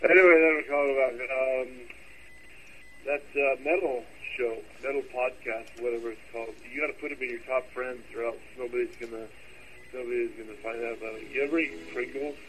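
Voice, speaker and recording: A man's voice: mid-range voice, steady tone, brisk, fairly bright tone, a little hiss or hum, rough recording. Drunk man rambling in a phone message. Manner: rambling, loses his train of thought. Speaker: caller leaving a voice message.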